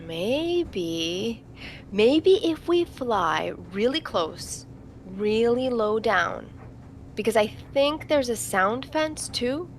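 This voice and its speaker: A woman playing a thoughtful older sister in an audio play, softly and patiently explaining things. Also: fairly high pitch, lively intonation, drawn-out words, a little hiss or hum, full character voice.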